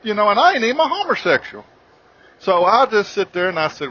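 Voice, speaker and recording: A man hosting a podcast, telling a comic story in a rambling, profane, animated way. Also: high-pitched, quick pace, husky, highs cut off. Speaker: podcast host.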